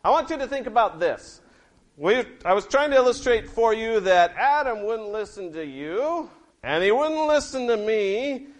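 High-voiced man teaching children scripture. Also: animated, moderate pace. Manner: gentle, asks the children questions. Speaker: Sunday school teacher. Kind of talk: children's Bible lesson.

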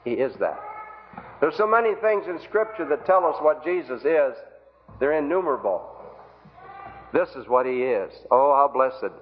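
A man's voice: fairly high pitch, lively intonation, moderate pace, long pauses. A man preaching an evangelistic sermon, pleading earnestly with the congregation through rhetorical questions. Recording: tinny phone-like old recording.

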